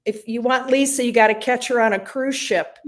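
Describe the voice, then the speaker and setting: A woman's voice: a little high, brisk. Chatty woman on a video call. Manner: friendly, chatty with hesitations. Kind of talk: casual chat.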